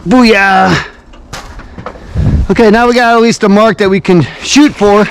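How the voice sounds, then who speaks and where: There's a little hiss or hum behind this high-voiced man, who speaks at a measured pace. He's the builder hosting a casual construction channel, out in the cold on a building site, upbeat and talkative as he explains each step between heavy breaths from the cold and the climb. The mic is an action camera.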